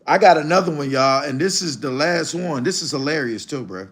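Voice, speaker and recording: This Mississippi man, older, runs a live stream where he reacts to clips and tears into another creator in crude, blunt terms. He speaks a little fast in a slightly high, somewhat bright voice with lively intonation.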